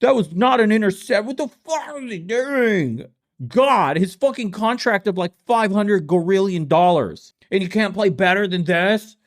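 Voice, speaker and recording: A man putting on a brash football-fan bro, high-pitched, whiny, profane, yelling. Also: animated, unhurried. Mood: rowdy whining. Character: loud brash male football-fan bro, young adult.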